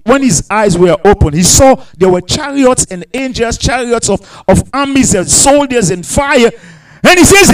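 A man preaching a sermon with emphatic repetition, sudden shouted bursts and quiet asides, breaking into tongues between points. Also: extremely high pitch, lively intonation, normal speed, low-quality recording.

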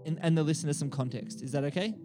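A man's voice: fairly high pitch, fast, over music. Jokey Australian man hosting a podcast. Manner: jokey, chuckles while reading. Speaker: podcast host. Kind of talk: casual podcast chat and reading aloud.

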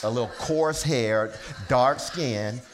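A man preaching a sermon, telling a personal story in a humorous, conversational way that builds from quiet, low storytelling to loud, excited shouting. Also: takes it slowly, a little hiss or hum. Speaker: pastor. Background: congregation laughter.

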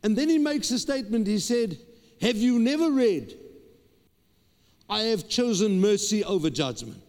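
A man's voice: high-pitched, lively intonation, normal speed, a little mellow. A man, a pastor preaching a sermon with emphatic repetition and stammered restarts. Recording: long hall reverb.

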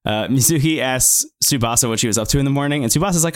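A man's voice: medium pitch, fast talker, no room sound. Casual man in his thirties, dry sound. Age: 30s. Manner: loose, joking, quotes lines in a lifted voice. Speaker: podcast co-host. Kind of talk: casual recap chat.

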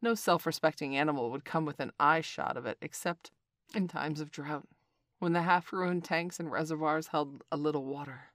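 A woman's voice: sits low, normal speed, fairly bright tone, dry recording. Woman reading a storybook, dry and close. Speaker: narrator. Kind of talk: storybook narration.

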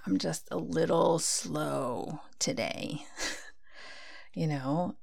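A woman's voice: sits low, drawn-out words, gravelly, a little mellow. A woman giving a casual spiritual talk, speaking conversationally and acting out her own inner dialogue.

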